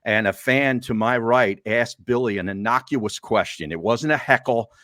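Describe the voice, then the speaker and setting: A man on a casual golf podcast, measured and agreeable, telling a story he saw firsthand. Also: medium pitch, fairly bright tone, no room sound, studio quality.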